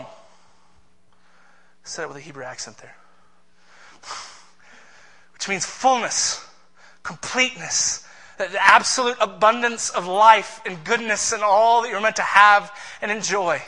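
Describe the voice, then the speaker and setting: A man's voice: high-pitched, unhurried, pauses often, bright, forceful tone. A man preaching a sermon as pastor, in an emphatic, passionate way.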